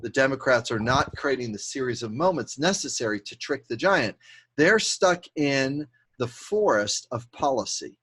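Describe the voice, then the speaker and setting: A man hosting a podcast, telling a fable in an animated way and chuckling at his own tale. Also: medium pitch, normal speed, slightly rough. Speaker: podcast host. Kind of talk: storytelling, conversational.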